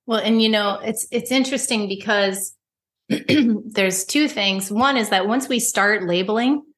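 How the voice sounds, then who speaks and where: A woman who is a homeopath and therapist, a guest on a podcast, explaining her ideas in a measured, thoughtful way. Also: mid-range voice. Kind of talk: casual podcast conversation.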